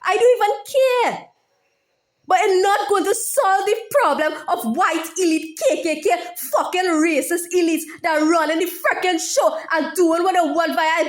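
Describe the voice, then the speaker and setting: High-voiced woman in a heated rant. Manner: heated, profane, repeats phrases over and over. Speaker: YouTuber. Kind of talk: impassioned monologue.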